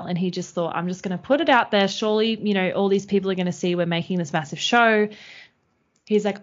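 Chatty woman podcaster, lo-fi sound. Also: mid-range voice. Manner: chatty, retells behind-the-scenes stories with many fillers. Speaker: podcast co-host. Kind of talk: casual chat. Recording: slightly dull lo-fi sound.

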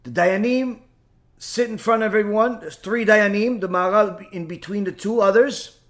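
A man telling a folk tale aloud in a conversational, unhurried way, stopping now and then to explain terms. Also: high-pitched, a bit bright. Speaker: storyteller. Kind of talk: oral folk-tale storytelling.

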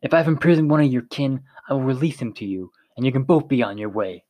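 A man reading a story, voicing a brawny, cruel male commander who talks in a loud, barking way. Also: mid-range voice, fast talker, no echo, close to an everyday voice. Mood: cold menace.

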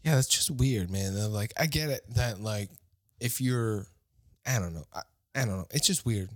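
A man's voice: lowish voice, normal speed, dry recording, studio quality. A man chatting casually with friends, swearing and joking, often acting out quotes in silly voices. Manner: profane, jokey, acts out quotes. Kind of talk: casual chat.

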